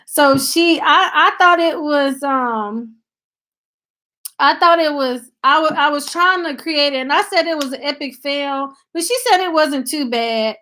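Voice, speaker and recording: Using a laptop mic, a woman from Tennessee runs a live stream, chatting casually and naming viewers as she thanks them. She has a Southern country accent, and her high, bright voice is forceful and a little slow.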